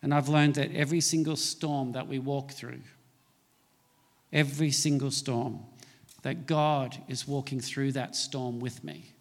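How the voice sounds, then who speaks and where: A man's voice: mid-range voice, fairly even intonation, a little slow, in a large hall. A man preaching a sermon as a pastor, pressing his points with emphatic, rising delivery.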